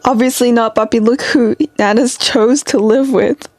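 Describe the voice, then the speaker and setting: A woman's voice: fairly high pitch, steady tone, moderate pace, darkish tone, dry recording. A young adult woman streaming from home, chatting casually and rambling with lots of fillers. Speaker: live streamer. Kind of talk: casual live-stream chat.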